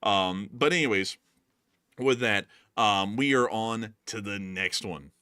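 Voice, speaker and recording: Male host, bright tense tone, dry close sound, rambling casual commentary. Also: lowish voice, slow pace, smooth, no room sound. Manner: rambling, heavy on fillers and restarts. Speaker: news show host.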